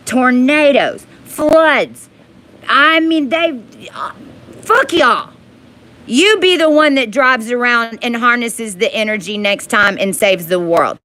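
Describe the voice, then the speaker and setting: A woman in an angry, profane monologue to her viewers, rising into yelling. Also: fairly low pitch.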